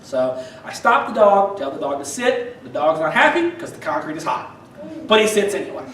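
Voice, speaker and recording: A man's voice: high-pitched, sing-song, normal speed, a bit bright, slight background noise. A man telling stand-up stories in a wry, self-deprecating way, with many fillers and restarts. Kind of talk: stand-up storytelling. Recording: roomy sound from a distance.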